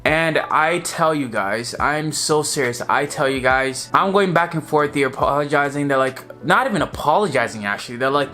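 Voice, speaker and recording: A young man telling a story in a casual vlog, animated and exasperated, swearing freely. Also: fairly high pitch, a little fast, hardly any pauses, soft background music. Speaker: photographer and vlogger.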